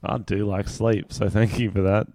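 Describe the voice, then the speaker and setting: A man's voice: on the low side, level tone, moderate pace, mellow, a little hiss or hum. A young man co-hosting a casual podcast, laid-back and sarcastic, laughing often at the jokes. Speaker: podcast co-host.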